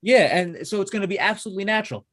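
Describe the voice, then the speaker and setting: A man co-hosting a wrestling show in casual chat, excitable and swearing freely, often restarting his sentences. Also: sits high, rapid-fire, no room sound, studio quality. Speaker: wrestling podcast co-host.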